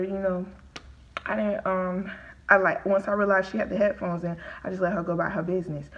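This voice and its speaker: A woman's voice: mid-range voice, poor audio. A woman vlogger telling a story to her viewers in casual, chatty talk, during a live-streamed eating video. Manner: chatty, animated, talks to viewers as y'all. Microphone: phone or webcam on live stream.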